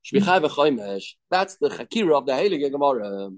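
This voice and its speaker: A man's voice: medium pitch, big pitch swings, fairly quick. A man teaching a daily Talmud class, explaining step by step, putting questions and answering them himself. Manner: mixes English with Hebrew and Aramaic terms.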